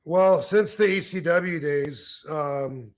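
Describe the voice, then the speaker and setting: A man in his fifties from Michigan tells a rambling story on a casual podcast. His voice sits a little high, and he repeats words as he goes and acts out quotes from his youth. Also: slow pace. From Michigan, USA. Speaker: podcast host, former wrestler.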